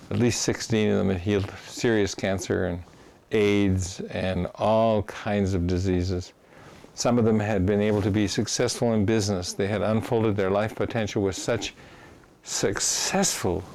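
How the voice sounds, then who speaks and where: A man teaching his own method, telling animated anecdotes with frequent restarts. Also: on the low side, creaky, slight background noise. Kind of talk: storytelling lecture.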